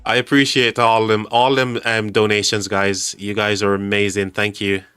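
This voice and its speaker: A man hosting a live game stream, chatting with viewers in an excitable, stammering way and thanking them often. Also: lowish voice, moderate pace, smooth, no room sound, faint music behind. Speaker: game livestream host.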